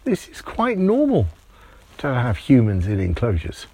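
Man doing a calm talking meerkat. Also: medium pitch, unhurried, breathy edge, exaggerated voice. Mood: matter-of-fact. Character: matter-of-fact talking meerkat from Africa.

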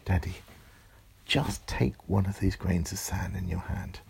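A man's voice: low voice, unhurried, vocal fry, a little mellow, a little hiss or hum, heavily acted. A man voicing an eager, inventive little girl in a bedtime story.

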